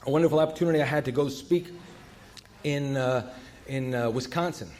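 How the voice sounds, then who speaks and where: Halting, wry man telling a story. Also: medium pitch, noisy background. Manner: halting, full of fillers and self-corrections; wry, self-deprecating humor. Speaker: guest speaker at a recovery meeting. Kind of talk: storytelling talk to a meeting.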